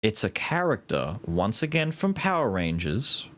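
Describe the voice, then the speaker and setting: A man's voice: fairly low pitch, big pitch swings, measured pace, fairly bright tone, slight background noise. A man in his thirties streaming a video game, chatting casually and swearing freely. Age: 30s. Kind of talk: casual gaming commentary.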